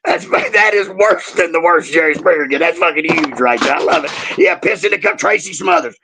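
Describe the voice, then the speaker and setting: A middle-aged man telling stories in casual chat on a remote call, animated and profane, with loud laughs. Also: on the high side, fairly quick, vocal fry, noisy background. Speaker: guest, former wrestler.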